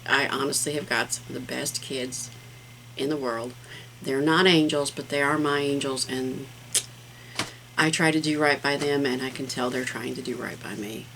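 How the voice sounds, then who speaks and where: A woman's voice: extremely low pitch, steady tone, moderate pace, fairly bright tone, a little hiss or hum, poor audio. A middle-aged woman hosting a casual craft vlog, talking in a rambling, heartfelt way with plenty of fillers. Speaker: craft channel host.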